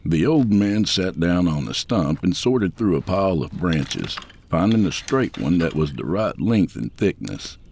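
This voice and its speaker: A man narrating an audiobook thriller in an expressive storytelling manner, voicing all the characters. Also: low voice, a little slow, vocal fry, hardly any pauses, slight background noise. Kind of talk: scripted narration.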